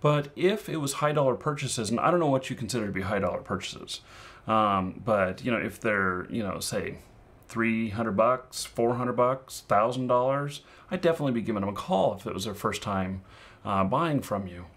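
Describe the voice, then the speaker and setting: A man's voice: lowish voice, normal speed, fairly bright tone. Rambling man giving casual advice. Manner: rambling, full of "you know" and "um" fillers. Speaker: online game-currency seller and fraud consultant. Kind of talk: casual advice talk to camera.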